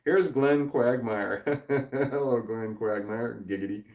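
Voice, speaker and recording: A man's voice: mid-range voice, slow pace, darkish tone. A man hosting a casual livestream, reading chat aloud, rambling, swearing often and laughing a lot. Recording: roomy echo.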